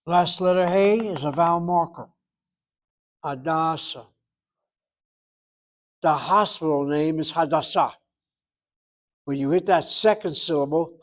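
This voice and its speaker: Guy teaching hebrew in a classroom, kinda high voice, says words over slow so you can copy. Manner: explanatory, repeats words slowly to model pronunciation. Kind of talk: classroom lecture.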